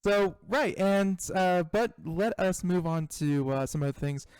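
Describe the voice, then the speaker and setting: A man hosting a talk show, relaxed and a little hesitant, steering the chat with fillers. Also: high voice, a little slow, clear, resonant tone, no room sound, rough recording. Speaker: host. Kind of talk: casual chat.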